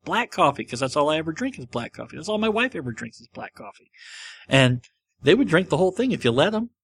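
A man's voice: fairly high pitch, very animated, quick pace, gravelly, fairly bright tone. A middle-aged man hosting a casual podcast, answering listener questions in a rambling, self-mocking way. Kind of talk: casual chat.

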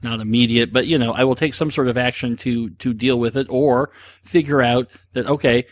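Speaking at an ordinary middle pitch with fairly even intonation and a fairly quick pace, a man answers listener questions in casual solo talk. He rambles, mocks himself, jokes, and drops frequent fillers. The sound is dry and close, with no room sound.

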